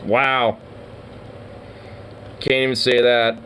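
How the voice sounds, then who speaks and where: Slow, rambling man reacting with swearing. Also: medium pitch, a little hiss or hum. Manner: rambling, swears a lot, laughs often. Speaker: streamer reacting to clips. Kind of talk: casual commentary.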